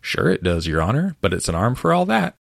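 A man's voice: on the low side, huge pitch swings, fairly quick, vocal fry, no echo, clean studio sound, full character voice. A man voicing a meek, simple-minded male servant, in a storybook reading. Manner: meek and deferential.

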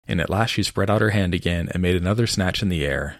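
A man reading a storybook aloud as narrator in an expressive, measured way. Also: sits low, no room sound, clean studio sound.

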